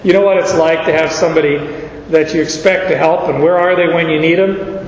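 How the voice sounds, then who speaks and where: A man's voice: a little high, steady tone, a little fast, slight background noise. A man preaching a sermon, explaining scripture in a folksy way with stories from his own life. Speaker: pastor. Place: large church hall. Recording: echoey dull church hall recording.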